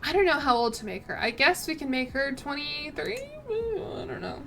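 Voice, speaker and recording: A woman's voice: high-pitched, expressive, brisk, a bit bright. A young woman streaming a strategy game, chatting casually and thinking aloud in a self-deprecating way. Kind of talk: casual gameplay commentary.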